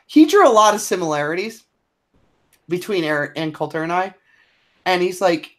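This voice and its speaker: A woman's voice: on the low side, expressive, moderate pace, long pauses, fairly bright tone. A woman chatting on a podcast, telling a profane, blunt anecdote and laughing through it. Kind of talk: casual chat, anecdote telling.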